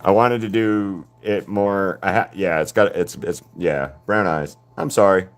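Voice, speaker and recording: A man's voice: deep voice, a little slow. A man chatting casually on a live painting stream, rambling with many fillers and restarts.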